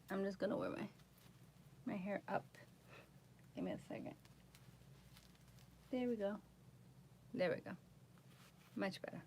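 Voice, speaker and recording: A woman's voice: fairly low pitch, slight background noise. A woman with a New York accent, chatting casually on a livestream and answering viewers' comments as she goes. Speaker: psychic reader livestreaming.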